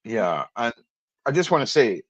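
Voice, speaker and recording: A man's voice: medium pitch, very animated, normal speed, a bit bright, no echo, rough recording. A man hosting a podcast who stumbles and laughs at himself while reading legal text aloud. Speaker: podcast host.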